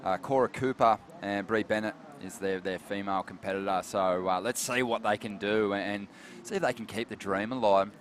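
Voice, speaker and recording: A man with an Australian accent doing live surf commentary in a relaxed, chatty way. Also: on the low side, a little fast, hardly any pauses, slight background noise. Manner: relaxed and chatty, calls people mate.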